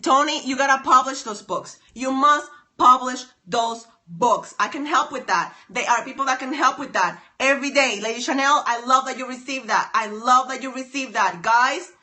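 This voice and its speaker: A woman live-streaming from her phone, giving an excited, emphatic motivational talk full of repeated lines. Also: sits high, normal speed, few pauses. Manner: emphatic, repetitive, preachy. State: excited and sweaty.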